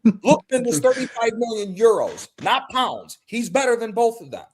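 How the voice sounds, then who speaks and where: A man's voice: extremely high pitch, sing-song, moderate pace, slight background noise. A man calling in to a football talk show, ranting angrily and swearing constantly. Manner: angry, swears constantly, blunt. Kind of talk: heated call-in football rant.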